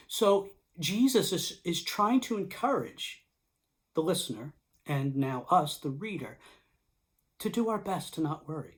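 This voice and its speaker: Reflective pastor, gentle delivery, drifts to near-whisper, casual restarts and "you know"s. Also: medium pitch, very animated, a little slow. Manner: soft-spoken with frequent restarts and "you know". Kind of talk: reflective online sermon.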